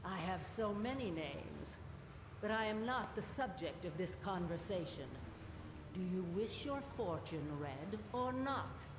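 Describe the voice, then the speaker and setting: A sinister ancient spirit wearing a fortune-teller's body, as a woman acts it out, drawing out every word slowly and with menace. The video game voice rings with a long, roomy reverb over a steady background hiss. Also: medium pitch, close to an everyday voice. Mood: silky menacing. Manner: slow, menacing, theatrical villain delivery.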